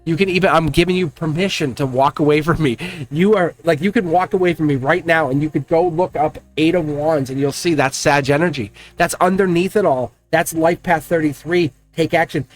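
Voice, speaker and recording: A man giving a casual, rambling tarot reading, talking excitedly and directly to the viewer. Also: fairly high pitch, a little fast. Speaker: tarot card reader.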